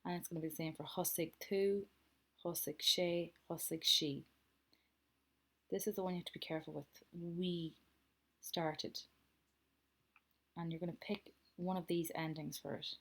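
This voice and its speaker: Low, bright-voiced woman teacher. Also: steady tone, moderate pace, pauses often, rough recording. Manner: patient step-by-step explaining, switching between Irish and English; corrects herself often. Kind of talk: recorded remote lesson.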